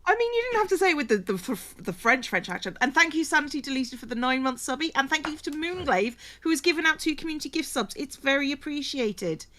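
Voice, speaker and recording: Brief: woman streamer, slightly higher voice, loose casual chat, stumbles and repeats words, reads out chat names. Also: lively intonation, fast talker, hardly any pauses, sharp tone. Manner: stammering, repeats words while crafting; reads out viewer names and thanks them. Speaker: streamer co-host.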